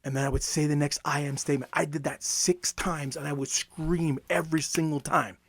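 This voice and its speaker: A male motivational coach with a fairly high voice and energetic delivery. He keeps coming back to the same phrases for emphasis. The sound is dry and close, with no room around it. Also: brisk, creaky, husky, dry recording. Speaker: self-help coach. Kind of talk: motivational talk.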